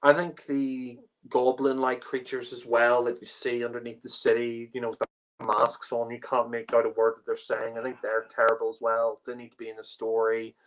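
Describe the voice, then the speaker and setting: A man's voice: mid-range voice, completely flat delivery, normal speed, low-quality recording. Rambling man giving a casual review. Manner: rambling, many fillers and restarts. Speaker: podcast panelist reviewing a TV story.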